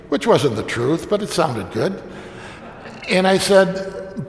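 A man's voice: high voice, big pitch swings, takes it slowly, long pauses. A man, a priest, telling a humorous story about himself in a wry, self-deprecating way. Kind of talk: humorous anecdote told to an audience. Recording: echoey hall with long reverb.

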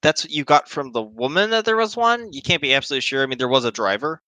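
Bright, halting man running a tabletop game. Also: a little high, expressive, dry recording. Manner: hesitant, halting with many fillers. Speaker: game master.

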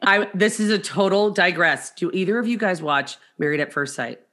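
A woman's voice: fairly low pitch, moderate pace. A middle-aged woman co-hosting a podcast, chatting casually and acting out the voices of people in her stories. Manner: animated storyteller who acts out quoted voices. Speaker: podcast co-host. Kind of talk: casual chat.

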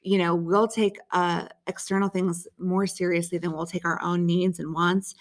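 Woman podcast guest, low voice with vocal fry, reflective and flowing. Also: level tone, normal speed. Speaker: podcast guest, director of a storytelling show. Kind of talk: casual conversation.

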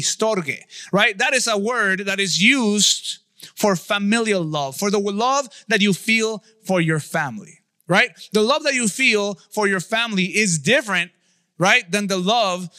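Bright high-voiced man preaching. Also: no echo, studio quality. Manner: conversational preaching, asks the audience. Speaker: pastor. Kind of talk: sermon.

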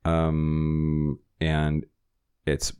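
A man with a deep, low-pitched voice runs through the week's news on a podcast. He keeps it conversational, pausing for wry side comments and quick laughs. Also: completely flat delivery, a little mellow, clean tone. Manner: reads news items with wry asides and laughs. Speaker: podcast host. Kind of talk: casual news rundown.

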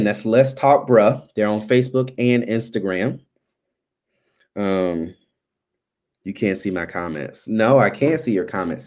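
A man's voice: fairly low pitch, darkish tone. A man hosting a live stream, chatting loosely as he signs off, with many ums and restarts. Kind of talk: casual live stream sign-off chat.

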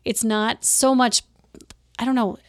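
A woman with a crisp, lighthearted voice, chatting casually as a guest about voice acting, with lots of fillers. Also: on the high side, fairly even intonation, a little slow, no room sound, clean studio sound. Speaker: guest, voice actor. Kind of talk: casual chat.

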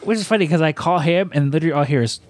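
A man's voice: fairly high pitch, racing, no room sound. A man hosting a casual chat, telling a story with many restarts and laughs. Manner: rambling, restarts a lot, laughs while telling.

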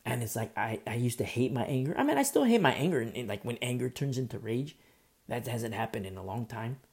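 A man's voice: mid-range voice, big pitch swings, brisk, vocal fry, a little mellow. A man preaching a sermon in an impassioned way, repeating himself, restarting phrases and making asides to the congregation.

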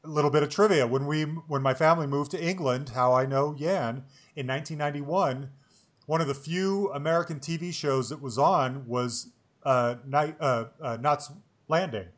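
A man's voice: a little high, normal speed. Chatty man in his forties hosting. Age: 40s. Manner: chatty and rambling, laughs easily. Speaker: podcast host. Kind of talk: casual chat.

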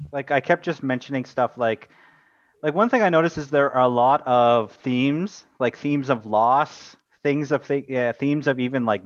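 A man's voice: mid-range voice, no room sound. A man in a casual podcast chat, talking in loose, rambling runs and stopping to correct himself. The recording is dry and a little dull and lo-fi, with no room sound at all. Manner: rambling, self-correcting, frequent restarts. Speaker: podcast co-host.

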